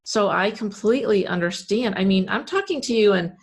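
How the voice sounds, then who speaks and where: A woman's voice: medium pitch, animated, a little fast, husky. A woman hosting an interview podcast, candidly sharing personal experience in an earnest, conversational way. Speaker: podcast host.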